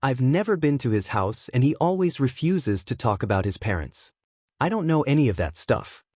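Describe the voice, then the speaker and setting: A man's voice: mid-range voice, sing-song, moderate pace, a little mellow, dry recording, clean studio sound. A man voicing a pushy, possessive teenage girl who speaks with entitled insistence. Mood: indignant.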